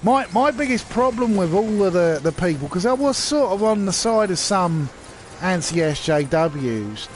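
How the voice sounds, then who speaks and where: Man, high-pitched, slow rambling rant with sarcastic asides, faint hiss behind. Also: lively intonation. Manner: rambling, sarcastic, many restarts and fillers. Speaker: channel host. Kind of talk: casual rant to camera.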